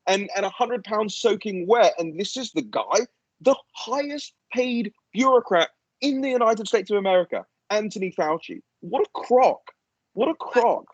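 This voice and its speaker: A man's voice: sits high, expressive, normal speed, dry recording, dull audio. A man as a guest in a casual political chat, ranting animatedly and swearing freely.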